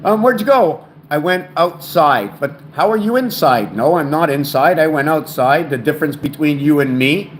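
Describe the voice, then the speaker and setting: A man's voice: on the high side, animated, moderate pace, hardly any pauses, a little hiss or hum. A man hosting his own video channel, talking in a rambling, stumbling way, often restarting words and thinking aloud. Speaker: channel host explaining word and number theories. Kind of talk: rambling solo video talk. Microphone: home camera setup.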